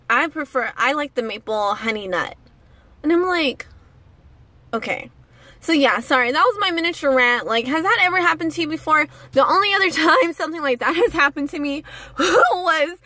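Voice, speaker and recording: A young woman vlogger tells a story straight to camera in an indignant, animated way. Her voice sits high and sounds bright and crisp. The recording is dry and close, with no room sound. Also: no echo. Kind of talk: casual rant to camera.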